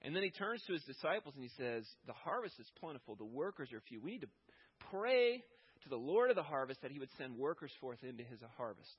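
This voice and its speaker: A man preaching a conversational sermon, rising in pitch and force as he makes his points. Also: sing-song, fast talker, breathy edge, highs cut off. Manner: conversational preaching, rising with emphasis when voicing God. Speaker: pastor.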